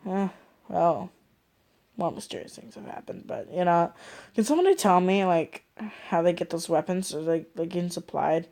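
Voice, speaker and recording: Woman talking low-ish, rambly, lots of um and like, reacting to a video. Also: expressive, moderate pace, creaky, mellow. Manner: rambling, thinking aloud with many fillers. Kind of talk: casual reaction commentary.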